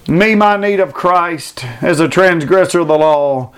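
A preacher with a notably high-pitched voice. He delivers his sermon with fervent, emphatic repetition, reading verses and pressing each point home. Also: a little slow, hardly any pauses, a bit bright, smooth.

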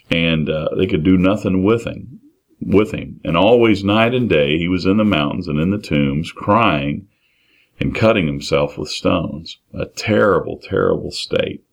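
A man's voice: deep voice, lively intonation, unhurried, creaky. A man preaching an expository sermon. He talks earnestly and plainly, reading scripture aloud, then repeating and restarting phrases as he explains it.

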